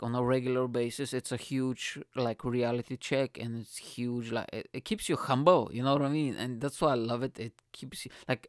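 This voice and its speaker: A man's voice: mid-range voice, clear, resonant tone, no echo, studio quality. A man who does stand-up comedy, telling a rambling, self-mocking story in casual talk, swearing freely and laughing at himself. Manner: laughs at his own story.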